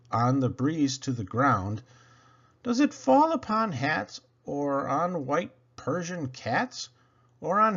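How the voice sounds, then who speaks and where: A man's voice: medium pitch, a bit bright, husky, muffled recording. A man reading children's poems aloud, playful and theatrical. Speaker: children's book reader.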